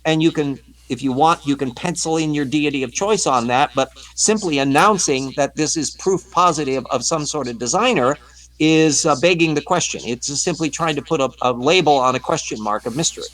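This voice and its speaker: A man on a live stream discussion, explaining in a measured, professorial way. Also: on the high side, fairly bright tone, poor audio. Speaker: panelist.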